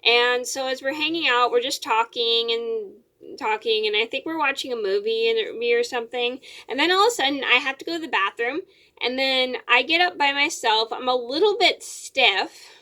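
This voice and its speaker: Bright-voiced young woman rambling through a story. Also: on the high side, moderate pace. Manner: rambling, repeats words, many fillers. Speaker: vlogger. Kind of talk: casual storytelling to camera.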